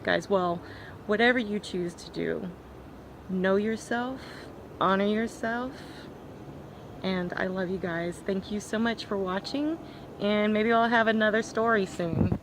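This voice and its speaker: A woman vlogger telling a personal story to her viewers in a soft, reflective way, pausing often with fillers. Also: medium pitch, noisy background.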